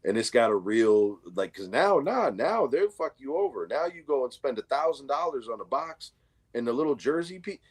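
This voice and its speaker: A man's voice: mid-range voice, sing-song, moderate pace, slightly rough. A man in casual chat, telling a story with slang and swearing. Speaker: livestream co-host.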